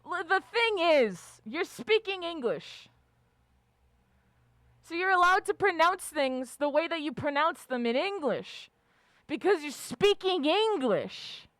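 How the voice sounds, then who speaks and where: A woman's voice: extremely high pitch, sing-song, slow pace, a bit bright, no echo. A woman livestreamer chatting casually with her viewers, ranting with lots of swearing and frequent laughter. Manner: profane, ranting, laughs often. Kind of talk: casual live-stream chat.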